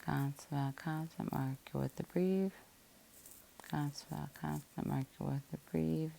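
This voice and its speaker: A woman's voice: sits low, fairly even intonation, normal speed, gravelly, dark tone, a little hiss or hum. A woman teacher giving a patient, methodical phonics lesson, breaking words into syllables and spelling them out letter by letter.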